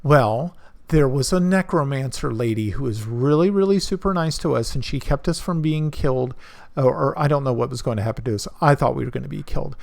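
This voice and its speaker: A man's voice: medium pitch, brisk, gravelly, darkish tone, natural voice. A man voicing a frightened young girl who rambles breathlessly. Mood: anxious.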